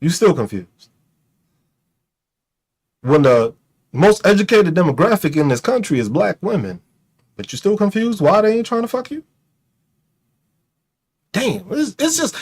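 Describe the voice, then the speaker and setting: High, animated man ranting mockingly. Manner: mocking, profane, rhetorical questions; laughs at own jokes. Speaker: streamer and commentator. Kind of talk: ranting commentary to an online audience.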